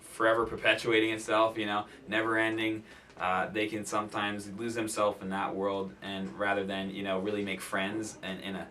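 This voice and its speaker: A man's voice: fairly low pitch, completely flat delivery, normal speed, sharp tone, recorded from a distance, a little hiss or hum. A man giving his opinion in an interview, hesitant and full of fillers. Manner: hesitant, full of "you know" and "like".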